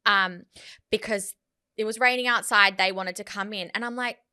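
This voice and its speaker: Bright-voiced Australian woman telling a story. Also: mid-range voice, normal speed, clean tone. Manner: animated, indignant storytelling. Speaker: podcast co-host. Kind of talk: casual chat, storytelling.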